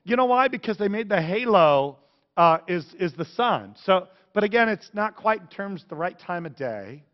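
A man with a high voice preaches in a casual, chatty way, jumping between asides and joking remarks. He sounds like a pastor talking to his congregation. The sound is dull and lo-fi, and his voice trails off in a long hall echo. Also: moderate pace. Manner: chatty and excitable, many fillers like "like". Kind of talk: casual sermon commentary on pictures and video.

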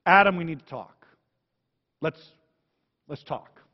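A man voicing God calling out playfully for Adam in a loud, high, sing-song way. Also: animated, takes it slowly. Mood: earnest. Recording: echoey hall, dull sound.

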